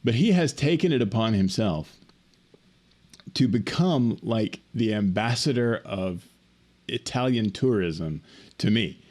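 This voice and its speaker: A man co-hosting a podcast, telling a story in a casual, animated, laughing way over a remote call. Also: fairly low pitch, measured pace. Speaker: podcast co-host.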